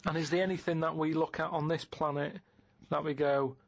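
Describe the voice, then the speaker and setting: Middle-aged guest, blunt and doubting, somewhat high voice, muffled podcast audio. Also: male voice, steady tone, a little fast, creaky. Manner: blunt, skeptical, plain-spoken questions. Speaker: podcast regular. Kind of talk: casual chat. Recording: slightly dull podcast audio.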